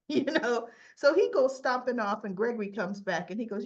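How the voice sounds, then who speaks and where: Lively woman recapping a soap. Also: a little high, normal speed, lo-fi sound. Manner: animated retelling with acted quotes. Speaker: soap opera recap host. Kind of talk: casual recap vlog.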